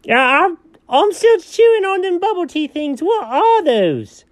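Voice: extremely high pitch, very animated, unhurried, no room sound, heavily acted. Fussy, chatty sidekick buddy, as a performer puts him on; swoops up and down, dry close mic. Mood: mouth full. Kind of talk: improvised audio story.

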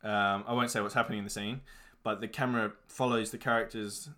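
Young aussie guy, bit low voice, rambles about movies, lots of ums and swears. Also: steady tone, a little fast, bright, forceful tone. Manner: laid-back, rambling, many fillers and swearing. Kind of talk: casual chat reviewing movies.

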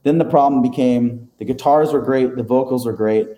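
A man's voice: medium pitch, moderate pace, dark tone, echoey room. A man telling a long story as an interview guest, rambling and self-deprecating, with many fillers and small laughs. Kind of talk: casual storytelling.

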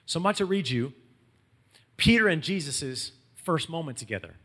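A man preaching a sermon, telling the story in a lively, casual way and acting out quotes in everyday slang. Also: a little high, moderate pace, big-room sound. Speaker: pastor.

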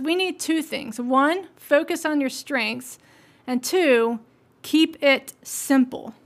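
A woman hosting a podcast, giving motivational commentary on books and asking listeners earnest questions. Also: sits high. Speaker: podcast host.

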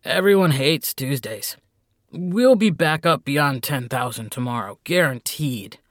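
Man voicing a squeaky male demon clerk, stammering, fawning, flustered, dry close sound. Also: lively intonation, unhurried, a bit bright, no room sound. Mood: nervous. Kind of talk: audiobook character voice.

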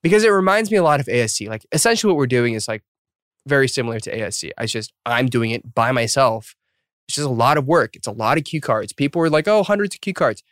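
A man's voice: mid-range voice, animated, fast, a bit bright, no echo, clean studio sound. A man in his thirties hosting a podcast, telling stories in a chatty way and laughing often. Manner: chatty, laughs often, shifts into quoted voices. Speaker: podcast host. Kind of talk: casual storytelling chat.

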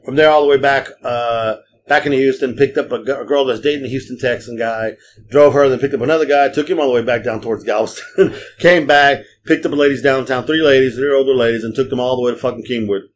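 A man's voice: mid-range voice, fast, a little hiss or hum. A man hosting a podcast, telling long profane stories in a casual chat and acting out the people in them. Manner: profane, rambling anecdotes; acts out quoted people. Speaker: podcast host and rideshare driver.

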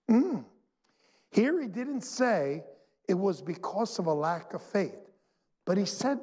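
A pastor with a high, breathy-edged voice delivers a sermon in a church sanctuary. His preaching is animated and emphatic, with dramatic pauses, and the large hall gives the recording a long reverb.

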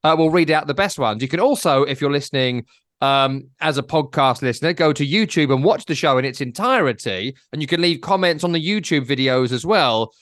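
A man's voice: fairly high pitch, animated, brisk, fairly bright tone, no echo, studio quality. A man hosting a podcast, rambling and teasing his co-host in casual chat.

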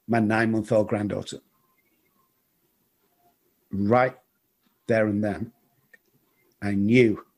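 A middle-aged man telling his recovery story in an interview, earnest and halting, often repeating words. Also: fairly low pitch, darkish tone. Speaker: guest in recovery.

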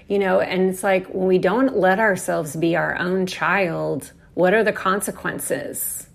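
Slow, gravelly woman musing on astrology. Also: on the low side, steady tone. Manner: unhurried, earnest, swears casually, acts out inner voices. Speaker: astrology speaker. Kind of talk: reflective spiritual monologue.

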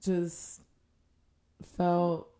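A young woman co-hosting a casual podcast, speaking haltingly with deadpan jokes. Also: fairly low pitch. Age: young adult. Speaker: podcast co-host. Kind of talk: casual chat.

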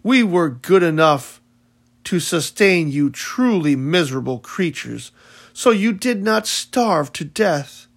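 A man's voice: fairly high pitch, lively intonation, slow pace, slightly rough, full character voice. A man voicing a greedy, scornful uncle and aunt who mock their poor relatives, read as an audiobook. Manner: mocking, contemptuous questioning. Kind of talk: audiobook reading.

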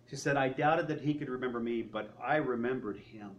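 A man telling a story in a sermon, retelling someone's words and often dropping his voice low. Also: brisk, few pauses, a little hiss or hum. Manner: retelling a story with quoted speech, often trailing off quietly. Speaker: preacher.

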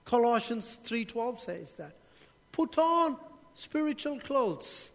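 A male pastor preaches in a church hall with long reverb, throwing rhetorical questions and humorous asides to the congregation. His very high, sing-song voice is creaky and unhurried.

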